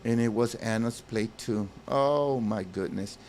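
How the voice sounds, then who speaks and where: A man's voice: lowish voice, measured pace, darkish tone, slight background noise. A man doing let's play commentary, reading a story game's text aloud and breaking off with exclaimed reactions to his viewers. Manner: talks to viewers as "guys". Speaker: gaming channel host.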